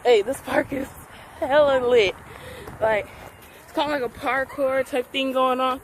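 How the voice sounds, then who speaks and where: A high-voiced woman talks in a slangy, excitable way to her handheld camera as she walks around an outdoor playground. Loud outdoor ambience fills the background. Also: a little slow. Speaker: vlogger. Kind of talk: casual vlog chat. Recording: outdoor noise behind.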